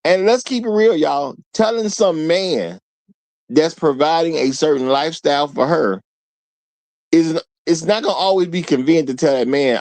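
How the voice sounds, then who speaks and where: Lively animated man hosting a talk show. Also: fairly high pitch, normal speed, no room sound. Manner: animated, acts out quotes, laughs often. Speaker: host. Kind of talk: casual commentary.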